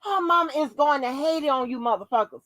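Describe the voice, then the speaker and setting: A woman giving casual commentary on her vlog, animated and profane, often breaking into laughter. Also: sits high, fast talker, no echo, low-quality recording. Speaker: YouTube commentator.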